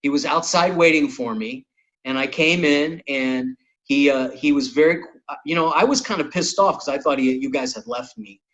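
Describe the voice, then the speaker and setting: Male podcast host, comedian, lively storyteller, a bit high voice, casual. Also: normal speed, dull audio. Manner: animated, swearing anecdote teller.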